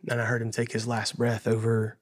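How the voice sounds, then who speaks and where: A man's voice: medium pitch, monotone, brisk. Earnest man telling a painful story. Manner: earnest, emotional, repeats phrases and says "man" often. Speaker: guest musician. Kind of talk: heartfelt personal storytelling.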